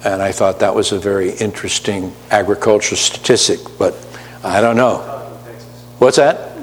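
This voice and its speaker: A man's voice: fairly low pitch, moderate pace, in a large hall, a little hiss or hum. A man preaching a sermon to his congregation, chatty, with teasing asides to the pews. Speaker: pastor.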